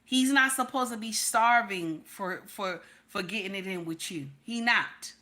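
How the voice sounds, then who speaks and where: A woman's voice: medium pitch, measured pace, bright, forceful tone. A woman hosting a live stream, giving blunt, preachy advice and repeating herself for emphasis while talking to her chat. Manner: talks to her chat and reads names. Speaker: livestream host advising women.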